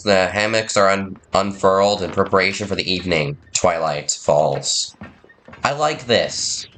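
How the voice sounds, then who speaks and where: A man with a low voice plays through a story game, reading its text and adding rambling, self-deprecating asides. A faint hiss sits under his voice. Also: fairly bright tone. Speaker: game player. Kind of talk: let's play narration, reading and commenting.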